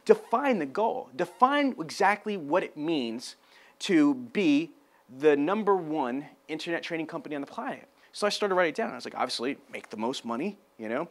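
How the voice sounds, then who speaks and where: A man giving a motivational business talk, loud and emphatic, acting out dialogue as he tells a story. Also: a little high. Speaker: sales trainer.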